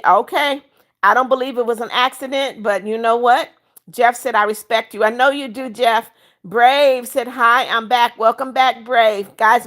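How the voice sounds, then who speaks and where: A woman's voice: on the high side, fairly bright tone. Woman streamer reading out chat comments. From United States. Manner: reads viewer comments aloud and answers each by name. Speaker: livestream host.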